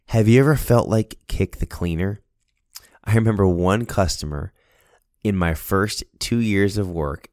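A middle-aged man tells a story in a loose, animated way, his voice sitting low. The sound is dry and close, with no room echo. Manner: animated storyteller, lively voice shifts. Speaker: speaker, cleaning business owner. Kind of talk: casual storytelling talk.

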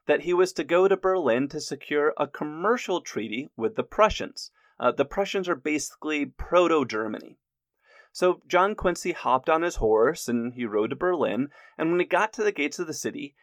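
A man narrating history from a script, lively with jokey asides. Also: fairly high pitch, no echo, studio quality.

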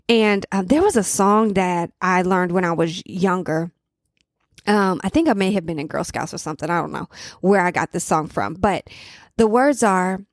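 A woman hosts a podcast in a relaxed, conversational monologue. Her voice sits at a middle pitch and keeps circling back with fillers and restarts. The sound is dry and close, with no room echo. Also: unhurried. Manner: conversational, many fillers and restarts, southern 'y'all'. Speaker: podcast host. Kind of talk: casual reflective monologue.

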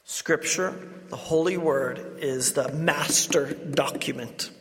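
A man's voice: on the high side, slow pace, fairly bright tone. A man, a Catholic priest, preaching a sermon and telling stories with laughing asides. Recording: reverberant hall.

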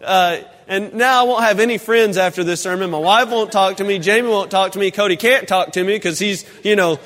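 A man preaching in a church, telling a humorous story with lively, animated delivery. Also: high-pitched, a little fast. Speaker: pastor. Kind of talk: sermon. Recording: long hall reverb.

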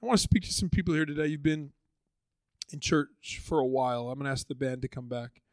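A man's voice: medium pitch, brisk, dry recording. A man preaching a sermon in a conversational way, acting out the voices of the people in his stories. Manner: conversational, acts out voices of biblical figures. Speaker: pastor.

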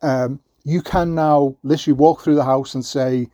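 A man's voice: on the high side, normal speed, dark tone, no echo, studio quality. A man hosting his own podcast alone, talking in a loose, rambling way with lots of fillers and restarts. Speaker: podcast host. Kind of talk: solo podcast monologue.

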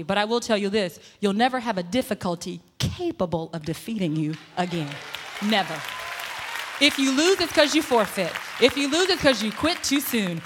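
A woman preacher delivering a humorous, emphatic sermon with laughter and shouted points, heard with a long echo in a church sanctuary. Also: on the high side, slight background noise. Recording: long reverb in a large hall.

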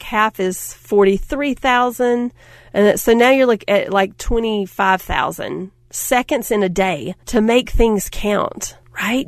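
A middle-aged woman giving a motivational talk, telling stories in an animated way, acting out quotes and laughing often. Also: mid-range voice, no room sound, studio quality. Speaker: speaker.

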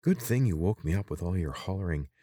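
A man's voice: sits low, lively intonation, quick pace, dark tone, dry recording, studio quality. A man voicing a bossy young woman scout who speaks in an urgent, hissing way. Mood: urgent, sly.

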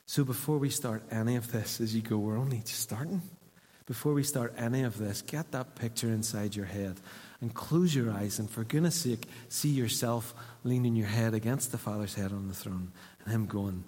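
A man preaching a sermon in a church hall, conversational and earnest, dropping to hushed asides. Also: mid-range voice, moderate pace. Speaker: pastor.

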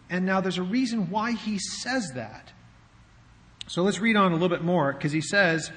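A man's voice: high-pitched, expressive, a little slow, a bit bright. A man preaching a sermon as pastor, in a conversational way with rhetorical questions, in a church sanctuary. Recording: long hall reverb.

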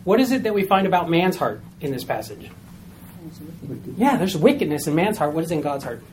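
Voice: medium pitch, darkish tone, a little hiss or hum. Bible study teacher checking in with the group. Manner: explains step by step, often checking in with "all right?"; repeats key points for emphasis.

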